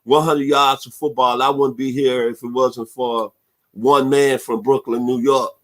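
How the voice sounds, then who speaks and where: A man from Memphis, Tennessee, hosting sports talk radio, giving heartfelt shout-outs. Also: medium pitch, little pitch movement, measured pace. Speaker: host.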